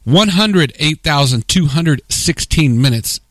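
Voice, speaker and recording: A man's voice: a little high, animated, unhurried, no room sound. A man co-hosting a casual podcast, a talkative, rambling storyteller who often laughs at his own jokes. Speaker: podcast co-host.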